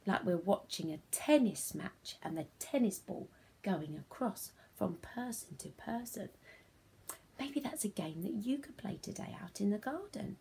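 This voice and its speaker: A woman's voice: medium pitch, lively intonation, measured pace, creaky, long pauses, dark tone, husky. A woman teaching a phonics lesson to young children, speaking in a sing-song, encouraging way that often drops to a whisper.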